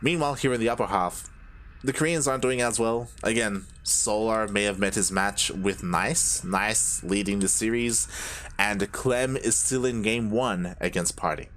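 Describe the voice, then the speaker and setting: A young man from Australia with a mixed Australian and Spanish-influenced accent, casting a game live on his own, excitable and quick to exclaim. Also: lowish voice, slight background noise. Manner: excitable, exclaims often and laughs at chat. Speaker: esports caster. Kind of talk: solo live game commentary.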